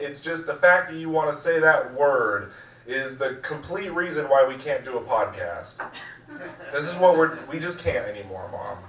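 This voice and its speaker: A man's voice: on the high side, moderate pace, a bit bright, echoey room, far from the mic, muffled recording. A young man doing a rambling, crude, self-mocking stand-up set. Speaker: stand-up comedian. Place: small comedy room.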